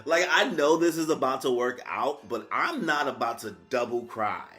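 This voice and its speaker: A man streaming a live reaction, excitable and slangy, swinging between hype and sorrow. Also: mid-range voice, moderate pace, soft background music.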